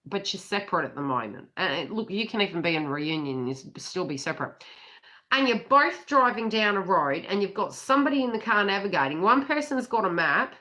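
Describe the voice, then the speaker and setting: A woman's voice: mid-range voice, pushed and bright. A middle-aged Australian woman giving a casual tarot reading, chatty and giggly and swearing freely, with birds calling behind her. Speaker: psychic tarot reader.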